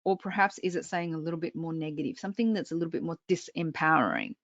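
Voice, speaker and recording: A woman's voice: deep voice, fast talker, no room sound, muffled recording. A woman public speaking coach presenting an online workshop, talking straight to her audience with frequent check-ins.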